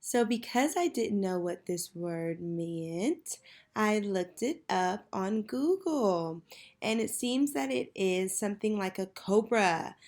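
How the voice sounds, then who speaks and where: Woman, teacher, phonics lesson for kids, unhurried, patient, mid pitch. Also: a little mellow. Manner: slow, patient, call-and-response prompting.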